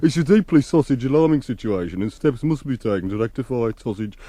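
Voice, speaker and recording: A man's voice: mid-range voice, animated, quick pace, dark tone, no room sound, close to an everyday voice. A man doing a pompous studio commentator. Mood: solemn. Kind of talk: radio comedy sketch.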